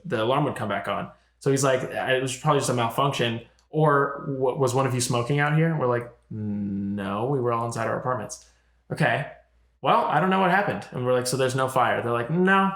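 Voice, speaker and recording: A man's voice: mid-range voice, a little fast, reverberant. A young man co-hosting a casual podcast, telling stories with lots of swearing and filler likes. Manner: animated storytelling, frequent swearing and filler likes. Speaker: podcast co-host. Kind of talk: casual chat.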